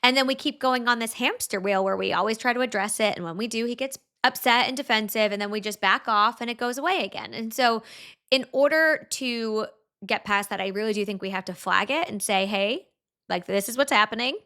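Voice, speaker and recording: A woman's voice: on the high side, a little fast, pushed and bright, clean tone. A woman guest on a podcast, explaining things earnestly and casually, often checking in with "right?" and "like".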